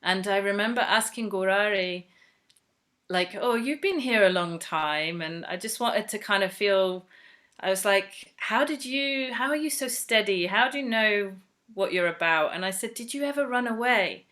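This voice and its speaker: Bright-voiced woman telling a personal story. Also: medium pitch, moderate pace. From England. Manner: chatty and earnest, many fillers, acts out quoted voices. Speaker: devotee sharing a personal story.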